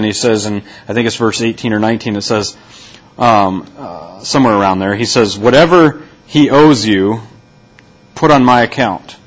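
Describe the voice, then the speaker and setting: A male pastor delivering a sermon, deliberate and repeating key phrases for emphasis. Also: mid-range voice, rough recording.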